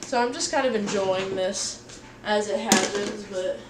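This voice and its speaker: A woman's voice: medium pitch, a little slow, noisy background. A tired young woman livestreaming as she cooks, chatting to her viewers in a rambling, playful way with sing-song asides. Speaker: livestreamer cooking for chat. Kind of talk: casual livestream chat while cooking. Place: home kitchen. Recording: clear kitchen clatter behind.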